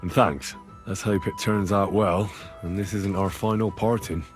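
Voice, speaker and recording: A man's voice: low voice, steady tone, unhurried, soft background music. An actor playing an earnest young man, plain-spoken with a dry, wry humor. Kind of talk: video game dialogue.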